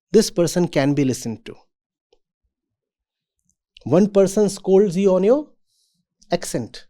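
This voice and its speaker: As a spiritual teacher, a man gives students a reflective talk in a deliberate, measured way. His voice sits high and sounds mellow.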